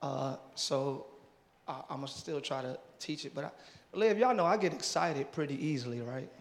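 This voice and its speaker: A man's voice: mid-range voice, animated, moderate pace, gravelly. A male pastor talking playfully with his congregation during a live church service, joking and welcoming visitors. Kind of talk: live sermon crowd work. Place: large church auditorium. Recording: live church hall with crowd noise.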